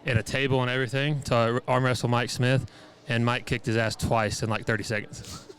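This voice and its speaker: A man's voice: mid-range voice, flat delivery, a little fast, a bit bright. A man on a casual rodeo podcast, chatting in an easygoing way. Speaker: guest. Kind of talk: casual chat.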